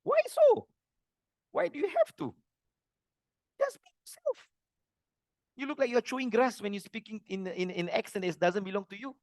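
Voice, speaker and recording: A middle-aged man teaching a religious lesson, earnest and plain-spoken, with animated delivery. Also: very high voice, moderate pace, pauses often, no echo, clean studio sound.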